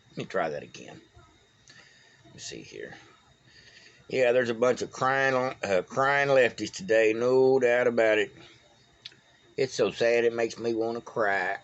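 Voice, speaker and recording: Recorded on a phone with the highs cut off, a man from Texas offers casual solo political commentary. His medium-pitched voice carries a Texan accent, and his folksy rambling stumbles over names.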